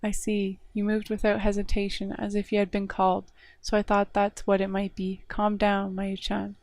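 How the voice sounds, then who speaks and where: A woman voicing a young man pleading for calm. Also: mid-range voice, moderate pace, no room sound, close to an everyday voice. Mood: soothing. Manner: repeats "calm down" insistently. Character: flustered young man trying to calm someone.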